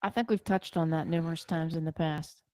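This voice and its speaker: A woman's voice: sits low, steady tone, fairly quick, dark tone, no echo. A woman co-hosting a casual podcast, teasing and wry. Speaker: podcast co-host. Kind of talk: casual chat.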